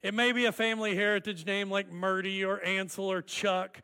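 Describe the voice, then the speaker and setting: A man preaching a sermon as pastor, deliberate and emphatic, drawing out key words. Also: sits high, flat delivery, sharp tone, clear, resonant tone, big-room sound.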